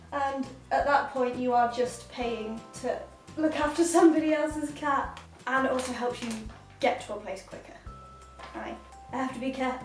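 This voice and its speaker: A woman vlogging casual advice as a cat sitter, chatty and giggly, talking at home with a cat on her lap. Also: fairly high pitch. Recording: roomy, slightly distant, faint music.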